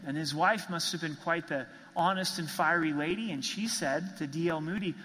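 A man's voice: on the high side, moderate pace, few pauses, pushed and bright, in a large hall, a little hiss or hum, poor audio. A man preaching a sermon as pastor, earnest and emphatic, driving points home with repeated phrases.

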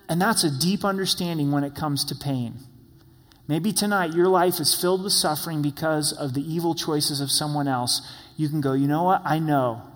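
A man's voice: fairly high pitch, a bit bright. A man preaching a sermon as pastor, earnest, acting out prayers and quotes as he goes. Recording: long reverb of a large hall.

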